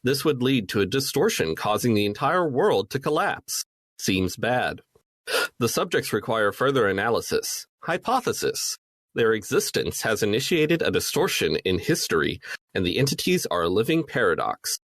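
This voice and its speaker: Lively wry man in a dry room. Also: medium pitch, normal speed, no room sound. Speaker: podcast co-host recapping the story. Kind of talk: casual recap and chat.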